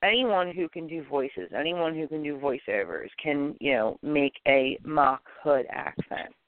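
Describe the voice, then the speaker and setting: A man hosting a podcast in casual chat, animated and opinionated, rambling with many restarts. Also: fairly high pitch, unhurried, dry recording. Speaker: podcast host. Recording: tinny phone-like lo-fi audio, dry.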